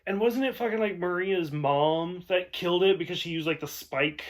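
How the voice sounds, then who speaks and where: A man's voice: high-pitched, moderate pace. A young man co-hosting a casual review chat, swearing often and quoting lines in put-on voices. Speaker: podcast co-host.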